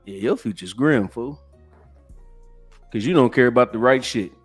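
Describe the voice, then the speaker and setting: A man's voice: medium pitch, moderate pace, husky, faint music behind. A man hosting a podcast, giving profane, preachy reaction commentary. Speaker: podcast host.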